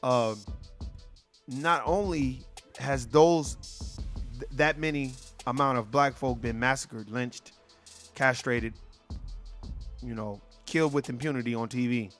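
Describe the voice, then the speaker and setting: A man's voice: medium pitch, takes it slowly, long pauses, fairly bright tone, soft background music. A man hosting a casual conversation, talking in a blunt, emphatic and profane way. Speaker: podcast host.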